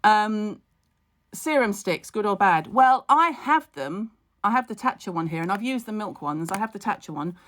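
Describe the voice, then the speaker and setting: A middle-aged woman chats to her viewers from home in a live stream, with a voice of ordinary pitch for a woman. She is blunt and wry, drifting into asides and dry jokes as she gives skincare advice. It sounds close and informal, like a phone or camera at arm's length. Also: animated, moderate pace, fairly bright tone. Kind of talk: casual live-stream chat.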